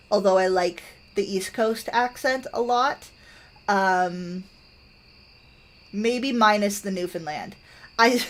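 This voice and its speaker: A woman with a Canadian accent chatting casually while she plays a game, rambling and thoughtful, with many fillers and restarts. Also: mid-range voice. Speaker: gaming streamer.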